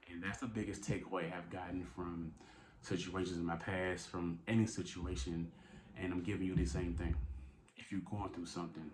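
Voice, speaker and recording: A man's voice: low voice, a little hiss or hum. A man giving an earnest, conversational faith talk, repeating phrases for emphasis. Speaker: faith vlogger. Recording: echoey room with background music.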